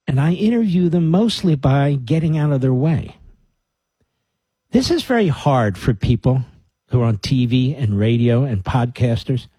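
Emphatic male radio host, dark husky voice. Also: medium pitch, normal speed, no room sound. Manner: emphatic, animated, mocking asides. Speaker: radio talk show host. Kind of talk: radio monologue. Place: radio studio.

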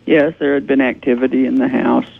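A paranormal investigator calling in as a radio guest, explaining earnestly. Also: female voice, rumbling low, little pitch movement, a little fast, creaky, slightly rough. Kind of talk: radio interview. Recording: tinny phone line.

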